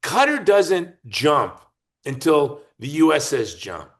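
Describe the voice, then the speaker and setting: A man speaks as a podcast guest, forceful and argumentative. His pitch leaps and drops constantly as he presses his points. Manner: emphatic, argumentative, lively and fast-shifting. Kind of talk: animated political talk.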